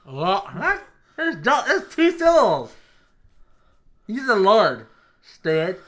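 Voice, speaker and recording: Young man, party-game player, slurred playful delivery, bright tone. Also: sits high, wildly swooping pitch, slow pace. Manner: playful, laughing, words slurred as if mouth obstructed. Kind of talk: casual chat with friends.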